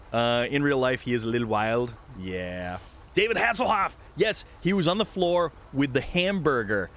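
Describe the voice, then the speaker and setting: A man's voice: medium pitch, very animated, slow, fairly bright tone, slight background noise. A man live-streaming a game, chatting loosely with viewers, joking and reading out the chat. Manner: rambling, jokey, reads chat aloud.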